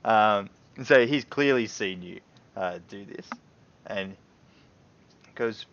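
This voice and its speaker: A man's voice: fairly low pitch, slow pace, slight background noise. A man narrating as game master, telling the scene with frequent laughs. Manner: laughing often, animated storytelling. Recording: dull lo-fi stream audio.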